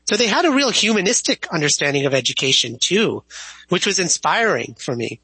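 Bright-voiced man explaining history. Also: high voice, big pitch swings, slightly rough, dry recording, rough recording. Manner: thoughtful, measured, with small restarts. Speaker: history professor, guest.

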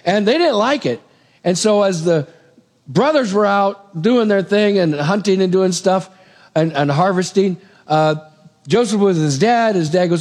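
A man preaching a sermon, retelling a Bible story in a casual, animated way with asides to the congregation. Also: high-pitched, unhurried.

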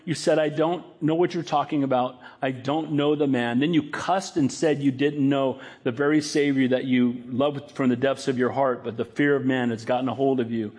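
A man preaching a sermon, animated, acting out scripture quotes in a raised voice. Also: medium pitch, moderate pace, few pauses. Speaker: pastor.

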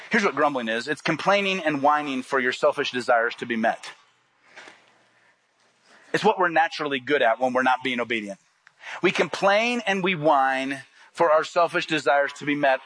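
A man's voice: fairly high pitch, pushed and bright, rough recording. A man preaching a sermon, reading scripture and driving points home with emphatic rises. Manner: preaching with rising emphatic peaks and quoted asides. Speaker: pastor.

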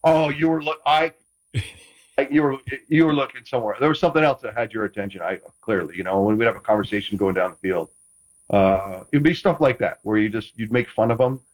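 A man's voice: lowish voice, a little fast, low-quality recording. A man, a former quarterback, chatting casually as a guest, rambling with frequent restarts and playful teasing. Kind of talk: casual chat.

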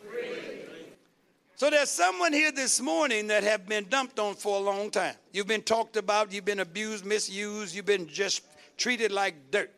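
A man preaching to his congregation in a strikingly high, bright voice. He fires questions at the pews and climbs into shouted, repeated runs. It sounds like a full church service. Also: moderate pace, vocal fry. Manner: call-and-response preaching, rising to shouts. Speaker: pastor. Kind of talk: sermon.

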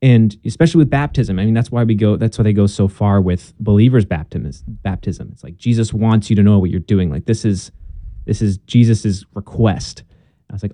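A man's voice: lowish voice, a little fast, warm tone, no room sound. A young man telling his conversion story in a casual interview, earnest and chatty with plenty of fillers and restarts.

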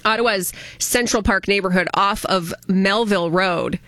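A woman's voice: mid-range voice, normal speed, a bit bright, dry recording. A woman hosting a chatty radio news segment, joking and laughing at her own jokes. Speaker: radio host. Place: radio studio.

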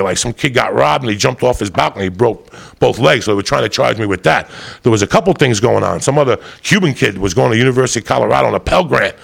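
A man with a deeply gravelly, fry-laden voice at a middling pitch tells a long story, swearing freely. He is animated, and his voice jumps up into loud put-on voices whenever he quotes someone. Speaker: comedian telling a story. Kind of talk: profane storytelling monologue.

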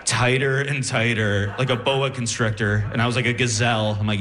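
A young man doing a stand-up set, animated and laughing through his punchlines. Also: mid-range voice, fairly quick, hardly any pauses, reverberant. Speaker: stand-up comedian. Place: comedy stage.

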